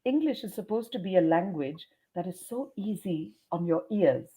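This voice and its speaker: A woman's voice: fairly low pitch, animated, normal speed, mellow. A woman educator answering interview questions, explaining points emphatically like a teacher and sounding out words. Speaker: educator and trainer, interview guest.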